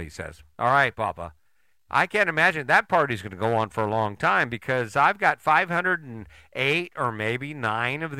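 Older male podcast host, blunt and profane, animated pitch, crisp voice. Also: dry recording. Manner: blunt, swearing, rhetorical questions. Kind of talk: motivational monologue.

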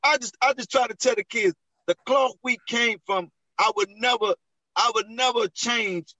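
Male chat guest, very high and sharp, emphatic, dry close sound. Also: moderate pace, dry recording, poor audio. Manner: emphatic, eager agreement, laughs often. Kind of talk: casual storytelling chat.

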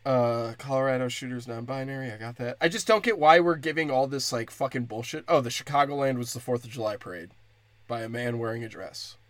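A man's voice: mid-range voice, brisk, dry recording. A young man doing a crude, profane stand-up comedy rant.

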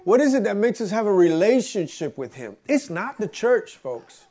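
A man's voice: high-pitched, big pitch swings, normal speed, mellow, husky. A man preaching a conversational sermon, earnest and storytelling, repeating phrases for emphasis.

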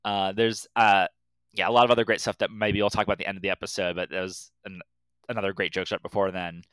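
A man's voice: sits low, little pitch movement, quick pace, fairly bright tone, clean tone, no room sound. A man co-hosting a podcast in casual chat, rambling and restarting his sentences. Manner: rambling, many fillers and restarts. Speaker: podcast co-host.

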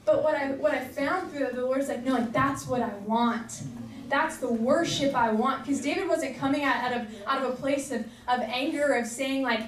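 A woman's voice: sits high, normal speed, slight background noise. A young woman giving a casual, earnest sermon, chatty and full of fillers. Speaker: preacher. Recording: echoey room, voice from far off.

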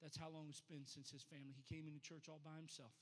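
Man, pastor preaching, husky high voice, rhythmic preaching cadence, long church-hall reverb. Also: level tone, fast. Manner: builds to loud, rhythmic preaching. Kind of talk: sermon.

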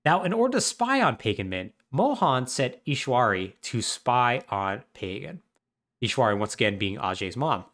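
A man's voice: medium pitch, very animated, normal speed, fairly bright tone. A man co-hosting a podcast, casually retelling a story with wry humor and lots of fillers. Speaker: podcast co-host. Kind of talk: casual chat recapping a video game plot.

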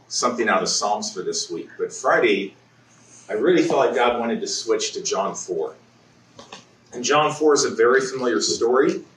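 A man's voice: medium pitch, fairly bright tone, distant mic, slight background noise. Man preaching in a roomy church. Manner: conversational, with frequent restarts and throat-clearing. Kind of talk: sermon. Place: church sanctuary.

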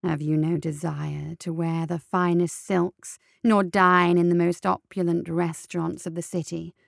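A woman voicing a foul little man who courts a flower girl with slow, smooth words and snarls when crossed. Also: lowish voice, little pitch movement, dry recording, clean studio sound. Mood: oily persuasion. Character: oily, menacing little man, a suitor.

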